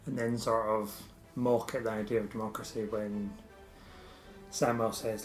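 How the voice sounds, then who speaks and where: A man co-hosting a podcast in casual chat, trading quick jokes. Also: on the low side, level tone, reverberant, faint music behind. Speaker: podcast co-host.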